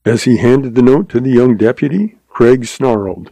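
A man narrating a story in an even, measured reading. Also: mid-range voice, creaky, no echo.

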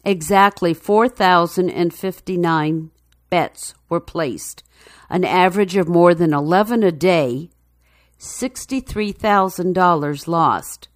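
A woman reading a news feature story in a measured, even narration. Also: on the low side, no echo, studio quality.

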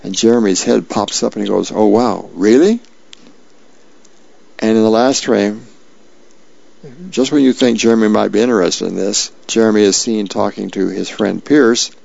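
A man's voice: on the low side, steady tone, normal speed, vocal fry, a little mellow. A man casually reading newspaper columns and comic strips aloud on the radio, with fillers along the way. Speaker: radio reader. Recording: dull lo-fi sound, dry.

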